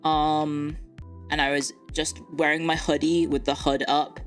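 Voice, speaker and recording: A young woman streamer telling a story in a hesitant, low-key way, full of fillers. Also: level tone, measured pace, soft background music.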